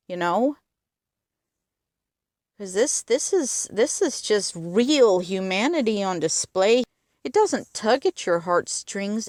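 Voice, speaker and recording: A woman's voice: mid-range voice, no room sound, clean studio sound. A woman retelling a film's plot in earnest detail, stressing its emotional moments. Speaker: film reviewer.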